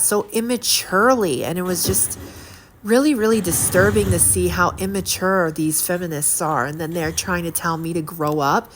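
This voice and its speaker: A middle-aged woman talking to camera in a rambling, indignant way, with many fillers and repeated words. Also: fairly low pitch. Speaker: vlogger. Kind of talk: casual monologue to camera. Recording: steady audible background noise.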